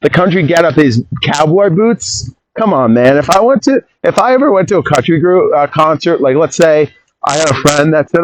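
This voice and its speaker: A man hosting a podcast in a casual rambling monologue, opinionated and quick to jump off on tangents and interrupt himself. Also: a little high, lively intonation, rough recording. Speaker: podcast host.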